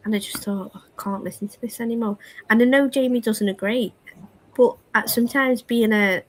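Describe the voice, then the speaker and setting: A woman's voice: a little high, fairly quick, a little hiss or hum, rough recording. A woman co-hosting a livestream, chatting casually in an exasperated tone. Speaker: livestream co-host. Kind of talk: casual chat.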